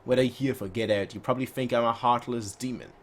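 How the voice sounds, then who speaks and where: A man's voice: medium pitch, steady tone, fast, lightly acted. A man reading out a ruthless, threatening warlord. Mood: menacing. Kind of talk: reading manga dialogue aloud.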